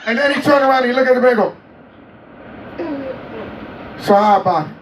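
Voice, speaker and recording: Animated man telling stories, distant roomy mic. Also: very high voice, very noisy. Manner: animated, laughing, acts out quotes. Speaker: interview guest. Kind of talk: casual storytelling.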